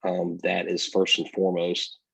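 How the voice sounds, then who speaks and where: A man's voice: low-pitched, monotone, moderate pace, vocal fry, a bit bright, husky, no echo, poor audio. A man co-hosting a casual sports podcast, talking energetically and straight to his listeners. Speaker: podcast co-host.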